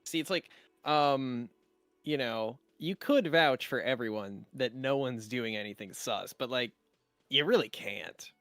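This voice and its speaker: A man's voice: medium pitch, a little slow, a bit bright, dry recording, faint music behind. A man co-hosting a let's play, rambling and joking in casual banter. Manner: playful, rambling banter with fillers. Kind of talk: casual gaming chat.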